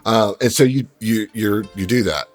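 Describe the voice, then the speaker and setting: Male game master, low voice, loose and chatty narration. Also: moderate pace, faint music behind. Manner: relaxed storyteller with many fillers.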